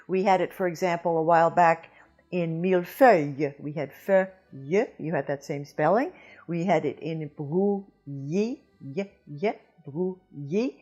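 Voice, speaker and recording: A woman giving a scripted pronunciation lesson, slowly and carefully demonstrating each sound. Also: lowish voice, a little mellow, lo-fi sound, soft background music. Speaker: pronunciation teacher.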